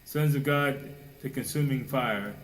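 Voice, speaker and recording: A man preaching a sermon with fervor, firing rhetorical questions and now and then mocking people in a high, put-on voice. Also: a little slow, slight background noise, rough recording.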